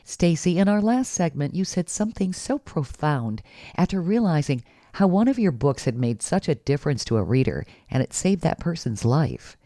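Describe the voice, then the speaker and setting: A woman hosting a podcast, reading a measured introduction of her guest. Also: low voice, big pitch swings, dark tone, no room sound, clean studio sound. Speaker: podcast host.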